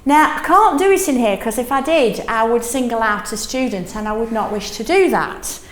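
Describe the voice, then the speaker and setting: A middle-aged woman leading a teaching workshop in a classroom, lively, often checking in with "yes?". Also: fairly high pitch, normal speed, echoey room, a little hiss or hum. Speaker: teaching trainer.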